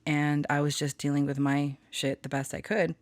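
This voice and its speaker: Her voice is deep with little pitch movement, moving at a moderate pace in an echo-free home studio. A spiritual channeler and tarot reader, she chats casually and rambles, laughing often and telling melodramatic stories she knows are over the top.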